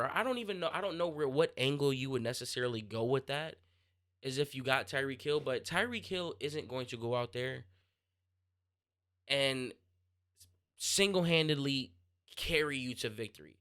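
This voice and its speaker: A young man hosts his own sports podcast, chatting casually as he answers listener questions. He pauses and restarts mid-thought while working out what to say, speaking at a medium pitch with a sharp tone.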